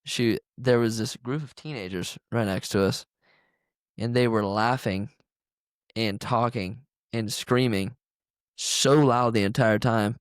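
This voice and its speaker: A man's voice: mid-range voice, steady tone, slow pace, clean tone, dry recording, clean studio sound. A young man co-hosting a podcast, telling a story in a rambling, casual way full of fillers. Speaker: podcast co-host. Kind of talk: casual chat.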